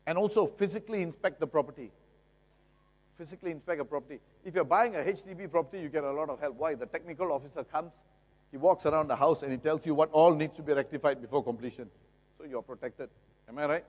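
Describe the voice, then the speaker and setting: A middle-aged man with a Singaporean English accent gives a lively, jokey seminar talk, often asking the audience rhetorical questions. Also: on the high side, fast talker. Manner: jokey, acts out buyers and sellers. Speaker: lawyer giving a seminar talk. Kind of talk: seminar lecture. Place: seminar hall. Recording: long reverb of a seminar hall.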